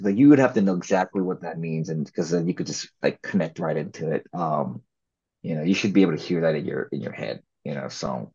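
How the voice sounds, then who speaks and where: A male actor and filmmaker in a casual interview, talking in a relaxed, rambling way with many fillers and restarts. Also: very deep voice, brisk, breathy edge. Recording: slightly dull lo-fi audio.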